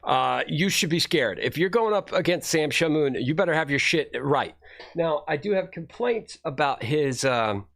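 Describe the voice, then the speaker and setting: A man's voice: on the high side, lively intonation, moderate pace, gravelly, a bit bright. A man streaming casual commentary on videos he watches, blunt, rambling and profane.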